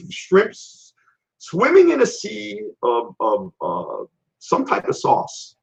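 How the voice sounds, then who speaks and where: A man's voice: mid-range voice, very slow, creaky. A man hosting a casual live-stream health show, telling blunt, rambling stories. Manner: rambling, animated, blunt storytelling. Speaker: health and fitness show host. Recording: dull lo-fi live-stream audio.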